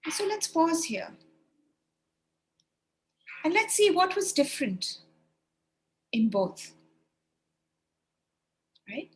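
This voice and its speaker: A woman's voice: extremely high pitch, very animated, extremely slow, long pauses, a little hiss or hum. A woman leading an online training webinar for teachers over a video call, encouraging and demonstrating read-alouds.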